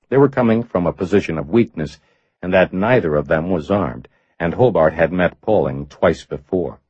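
A male audiobook narrator with a very deep, husky voice telling a thriller in a measured way. His pitch moves expressively through the sentences. The recording is dry and slightly dull. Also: a little mellow, no echo. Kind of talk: scripted narration.

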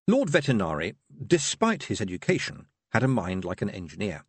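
Expressive male audiobook narrator, dry sound. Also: fairly low pitch, fairly quick, few pauses, breathy edge, dry recording. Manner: wry and expressive. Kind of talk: scripted narration.

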